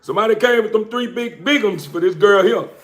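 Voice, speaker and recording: A man talks to his livestream viewers in a loose, rambling way, heavy on slang and stray "uh"s. His voice sits a little higher than most men's, and he keeps the tone easygoing and unscripted as he goes. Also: brisk, a bit bright. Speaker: dog breeder. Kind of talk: casual livestream chat.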